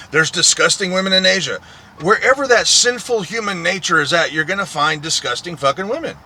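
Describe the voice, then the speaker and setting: A man's voice: sits high, sharp tone, a little hiss or hum. A man, a truck driver, in a profane, repetitive, aggrieved ranting monologue.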